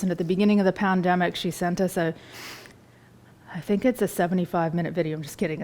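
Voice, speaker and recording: A woman's voice: fairly low pitch, darkish tone. A woman, a chef giving a live cooking demonstration in a store kitchen, chatty and enthusiastic as she tastes food while she talks.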